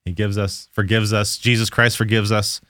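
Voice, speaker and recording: A man's voice: lowish voice, little pitch movement, normal speed, a bit bright, dry recording, studio quality. A man giving an informal devotional Bible lesson, explaining verses conversationally and correcting himself as he goes. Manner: conversational, restarts and self-corrections while explaining. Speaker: Bible teacher.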